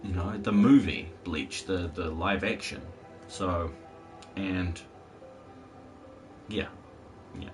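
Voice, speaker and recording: Rambling low-voiced man streaming a game. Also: slow, long pauses, over music. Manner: rambling, chatty, talks to the chat and his game dog. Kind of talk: casual live-stream chat while gaming. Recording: distant mic with faint background noise.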